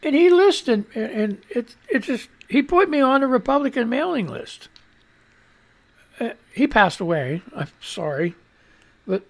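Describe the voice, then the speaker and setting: A man's voice: extremely high pitch, sing-song, measured pace, gravelly. Rambling, foul-mouthed male radio host. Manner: rambling and profane, stumbling over words. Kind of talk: casual rambling news commentary.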